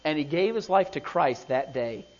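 Preacher reading young discharged soldier, earnest and a bit hesitant; high voice, muffled audio. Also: male voice, lively intonation, moderate pace, a little mellow. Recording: dull lo-fi recording.

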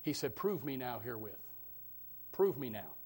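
A man preaching a sermon as pastor, who repeats his words and swings from loud, shouted points to quiet asides. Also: mid-range voice, very animated, moderate pace, husky.

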